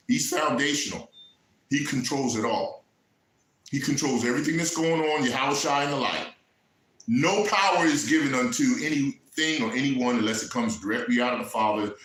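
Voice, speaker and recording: A man preaching a fervent sermon, building from earnest teaching into raised, shouted passages, with quieter emotional stretches. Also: mid-range voice, moderate pace, roomy sound, poor audio. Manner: fervent, rising to shouts, then softening into emotional asides.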